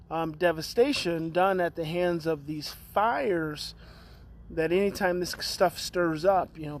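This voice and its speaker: Earnest high-voiced man live-streaming. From California. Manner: rambling, earnest, greets viewers by name. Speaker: parenting educator hosting a daily live stream. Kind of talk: casual live-stream talk. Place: outdoors. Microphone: phone on a live stream.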